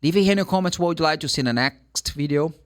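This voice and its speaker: A man from Brazil with a Brazilian Portuguese accent, teaching English pronunciation in a casual, animated way, acting out little dialogues and spelling words letter by letter. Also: a little high, rapid-fire.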